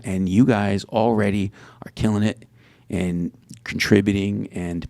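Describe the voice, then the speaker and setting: Older male school podcast host, gravelly, dry close sound, lively and laughing. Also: lowish voice, moderate pace, no room sound. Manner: lively, laughs often, voice jumps up when excited. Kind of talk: casual podcast chat.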